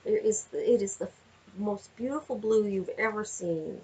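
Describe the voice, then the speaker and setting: A woman giving a chatty tarot card reading, laughing often and talking to viewers in animated asides. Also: medium pitch, unhurried, husky, rough recording. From Canada. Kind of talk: casual tarot reading vlog. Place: home with window view.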